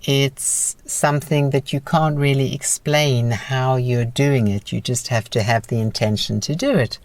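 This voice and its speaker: A woman teaching a guided breathing lesson in a calm, encouraging, instructive manner. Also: rumbling low, unhurried.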